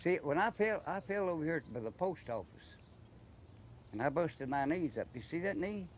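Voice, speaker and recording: With lively intonation and a normal speed, this older Eastern Kentucky man's voice sits on the high side, his Appalachian accent clear. Being interviewed, he rambles through long casual stories and keeps restarting words, in a slightly muffled recording with faint noise behind.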